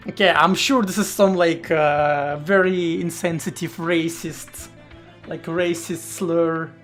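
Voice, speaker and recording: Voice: medium pitch, steady tone, takes it slowly. A streamer chatting casually during a live coding session, rambling with stammered restarts and casual swearing, faint music behind.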